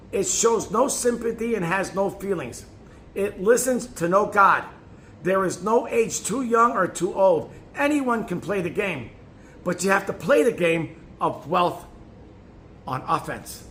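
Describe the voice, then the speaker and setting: High-voiced man reading a self-help booklet. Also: lively intonation, a little slow, a bit bright, slight background noise. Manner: emphatic, with occasional stumbles and restarts. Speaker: narrator.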